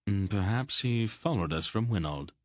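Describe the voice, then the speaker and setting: A man's voice: on the low side, animated, normal speed, dry recording, lightly acted. A small, sly acrobat, voiced by a man reading an audiobook, talks in an offhand, knowing way. He sounds cool and unbothered. The reading is dry and close-miked. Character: small, wiry, sly male thief-acrobat.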